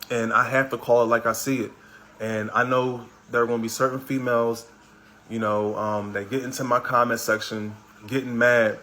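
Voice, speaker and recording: A man's voice: mid-range voice, pushed and bright, slight background noise, low-quality recording. A man hosting a podcast, giving a blunt, lecturing commentary monologue aimed at other men. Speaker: podcast host.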